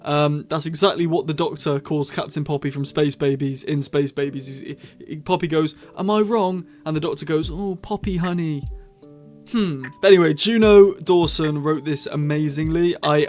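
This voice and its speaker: A man's voice: a little high, fairly even intonation, moderate pace, few pauses, darkish tone, faint music behind. A man talking casually in a solo review, rambling with self-corrections and apologetic asides. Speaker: YouTube reviewer.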